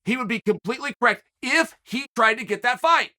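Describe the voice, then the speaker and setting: Man, host, emphatic solo commentary, rhetorical challenges, bright forceful voice. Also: very high voice, animated, a little fast. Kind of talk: animated solo commentary rant.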